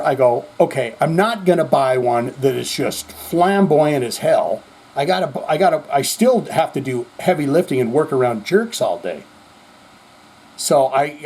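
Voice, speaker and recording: A man with a somewhat high, husky voice rambles through a casual monologue. He swears freely and slips into quoted voices as he tells his stories. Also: a little mellow. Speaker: host.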